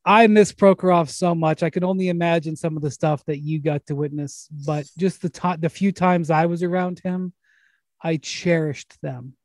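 Male host, high-pitched, loose rambling anecdotes, dry mic. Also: steady tone, moderate pace, no room sound. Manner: rambling storyteller, frequent restarts and laughs. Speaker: podcast host. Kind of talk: casual sports chat.

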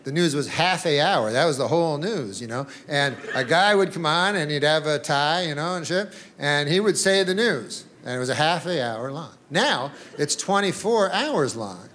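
A male stand-up comedian with a fairly high voice, talking in a loose, rambling, offhand way full of casual swearing and little chuckles. He speaks into a stage mic, and the recording carries a noisy live room. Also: expressive, normal speed, few pauses, a bit bright.

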